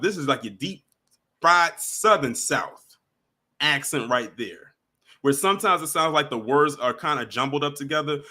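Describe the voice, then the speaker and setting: A man's voice: on the high side, pushed and bright. A man giving casual commentary straight to his viewers, emphatic and repeating his points. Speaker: commentary vlogger.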